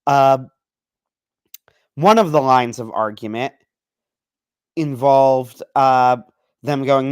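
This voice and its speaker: A man co-hosting a casual podcast rants in a rambling, self-deprecating way. He talks at an everyday middle pitch. His voice is close and dry, with no room sound. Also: takes it slowly, long pauses, smooth, dry recording. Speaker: podcast co-host. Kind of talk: casual ranting chat.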